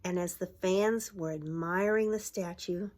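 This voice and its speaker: A middle-aged woman who runs a preschool reads a picture book aloud at children's story time, showing the pages, pointing at pictures and asking the little ones questions. Her voice is fairly low and unhurried, turning bright and exaggerated for the cheering lines.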